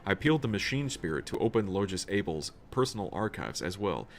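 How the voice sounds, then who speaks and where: A man's voice: low-pitched, big pitch swings, fast, slight background noise. A man streaming a role-playing video game, reading its text aloud in a casual, swearing tone and tripping over words now and then.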